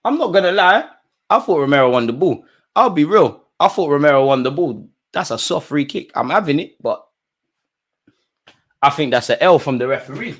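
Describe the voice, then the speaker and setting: A man reacting live to a football match, talking at players and the referee, swinging from low mutters to excited shouts. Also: normal speed. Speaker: football fan streamer.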